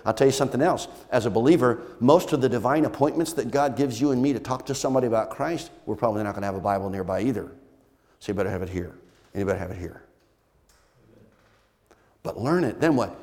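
A man's voice: mid-range voice, animated, fast talker, darkish tone. A man preaching a sermon as pastor, emphatic and repetitive, firing rhetorical questions at the congregation. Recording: long church hall reverb.

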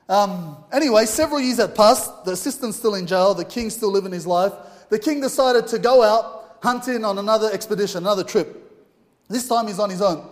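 A man's voice: sits high, brisk. A man preaching a sermon in an informal, earnest way, telling a story with fillers. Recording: long hall reverb.

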